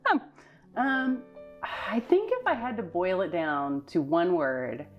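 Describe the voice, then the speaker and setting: Texan woman vlog co-host, animated, light laughter, music bed behind. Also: lowish voice, slow pace, dull audio. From United States. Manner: laughs often, lively listing. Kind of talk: casual chat.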